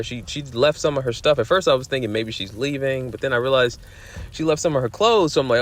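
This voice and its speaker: A man's voice: mid-range voice, fast talker. A man telling a story in a heated, profane rant, repeating himself for emphasis. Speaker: vlogger.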